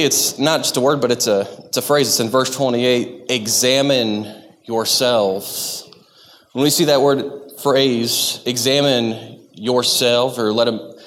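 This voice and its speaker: In a church sanctuary, a Texan lay preacher delivers a sermon to his congregation in a conversational, self-deprecating manner, often stopping and restarting his sentences. His mid-range voice is a bit bright and echoes through the large hall.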